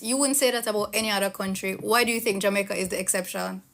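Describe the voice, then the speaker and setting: A woman's voice: medium pitch, fast talker, hardly any pauses. A woman giving an opinion monologue to camera, direct and lecturing, challenging the viewer.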